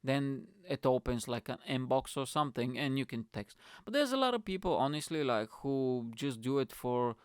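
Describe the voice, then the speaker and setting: Young male comic host, rants and swears, smooth dry voice. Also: mid-range voice, moderate pace, hardly any pauses, dry recording. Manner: crude, swearing, rambling, animated. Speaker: comedian and podcast host. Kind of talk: casual solo podcast rant. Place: alone at home.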